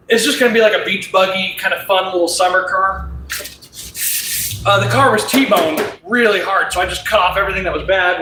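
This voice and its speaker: A man's voice: high-pitched, sharp tone, echoey room, a little hiss or hum. A man chatting casually on a live stream while working on a car, laid-back and rambling, laughing often. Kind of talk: casual live-stream chat while doing body work.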